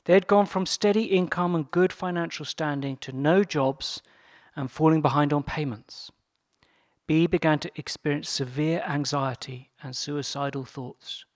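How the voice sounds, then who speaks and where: A man presenting, reading a story aloud in a measured, earnest way. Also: fairly high pitch, no echo, clean studio sound.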